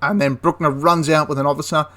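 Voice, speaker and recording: A man's voice: fairly high pitch, little pitch movement, fast, bright, forceful tone. A young man casually retelling a wartime history story, chatty and prone to correcting himself mid-sentence. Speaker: history channel host.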